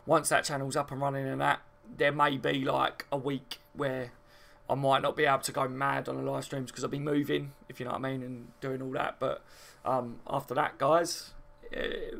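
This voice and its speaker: A man's voice: medium pitch, vocal fry, a bit bright. A man from the south of England, chatting casually on a football live stream and answering viewer comments, rambling and full of fillers.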